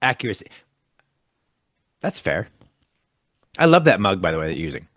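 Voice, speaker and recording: A man with a low voice talks at normal speed, very animated and fairly bright, recorded dry with clean studio sound. He's a podcast co-host who just woke up, chatting casually, rambling and joking and often cutting himself off mid-sentence.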